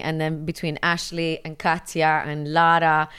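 A woman co-hosting a family podcast, lively and laughing often as she chats. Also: sits low, normal speed, smooth. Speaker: podcast co-host. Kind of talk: casual family chat.

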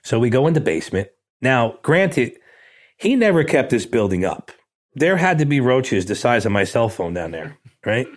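At normal speed and with a mid-range voice, a middle-aged man shares a story as a casual interview guest. He uses blunt, streetwise talk and animatedly performs the quoted dialogue.

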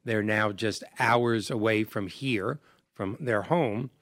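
A man hosting a show, telling a casual story in an animated way and joking against himself. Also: on the low side, slow, no room sound. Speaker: host.

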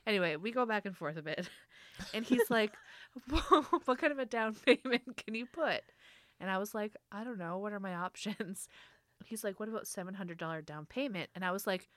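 A woman's voice: medium pitch, moderate pace, dry recording. A young adult woman casually telling a story, quoting the people involved and laughing as she goes. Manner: animated storyteller, laughs often, quotes people in her own voice. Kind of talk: casual anecdote.

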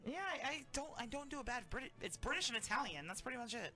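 A woman's voice: fairly high pitch, animated, fast. A woman co-hosting a casual podcast, crude and rambling, swearing freely as she talks. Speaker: co-host. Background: loud music.

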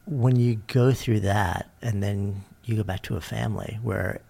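A man's voice: fairly low pitch, fairly even intonation, normal speed, gravelly, dark tone. A man hosting an interview, asking thoughtful, reflective questions. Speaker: host.

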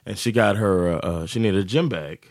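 A man's voice: low voice, normal speed, dry recording, clean studio sound. A man co-hosting a podcast, telling a story in casual chat and acting out the quotes with lots of laughter. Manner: animated, laughing storyteller who acts out quotes. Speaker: podcast co-host.

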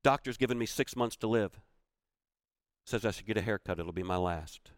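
Here a man speaks as a gravely ill mentor in his sixties, fatherly and plain-spoken. The voice sits low and falls quiet and tender. It is set in a dry, close recording with no room sound. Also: normal speed, no room sound, natural voice. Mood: weary. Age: 60s. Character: aging male mentor, dying, gentle and fatherly.

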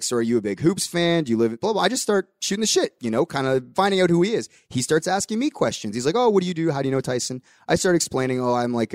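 A man's voice: medium pitch, no room sound, studio quality. A young adult man hosting a podcast, telling a story in casual chat with voiced quotes and the odd swear. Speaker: podcast host.

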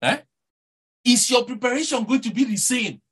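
A man with a Nigerian accent preaching a sermon, animated and rhetorical, often repeating words and asking his listeners "eh?". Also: very high voice, normal speed, slightly rough.

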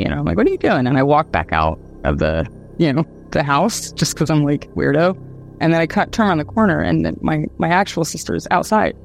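A woman from Ohio, a guest telling a personal story in a halting way, with many fillers, restarts and nervous laughs. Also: deep voice, vocal fry. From Dayton, Ohio, USA. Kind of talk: casual storytelling.

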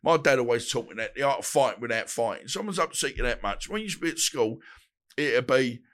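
Blunt man, fifties, storytelling guest, lively pitch, mid-range voice. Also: fast talker. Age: 50s. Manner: blunt, animated, acts out quoted dialogue. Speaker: guest, boxer. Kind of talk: casual storytelling interview.

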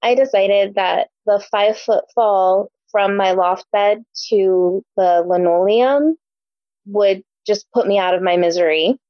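A woman's voice: medium pitch, unhurried, dry recording, lo-fi sound. A young adult woman from Omaha, co-hosting a casual book podcast, chatty with many ums. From Omaha, Nebraska. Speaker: podcast co-host. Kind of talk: casual book discussion chat.

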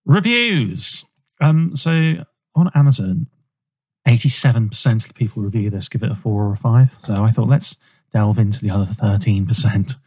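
A podcast co-host who speaks in a husky, warm voice. He reads and chats casually and drops in dry jokes. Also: fairly low pitch, moderate pace. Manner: joking, dry. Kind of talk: casual chat.

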